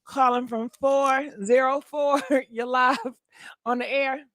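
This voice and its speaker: A high-pitched woman hosts a call-in show, talking in a sassy, profane way with frequent laughs. Her voice sits close and dry, with no room around it. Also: fairly even intonation, takes it slowly, fairly bright tone, no room sound. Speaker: talk show host. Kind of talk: casual call-in chat.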